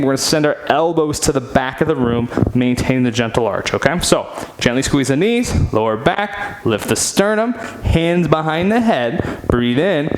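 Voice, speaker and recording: Man, fitness instructor, lively sing-song cues, counts reps, chatty asides. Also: on the high side, a little hiss or hum, rough recording. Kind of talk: guided seated stretching class. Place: home studio.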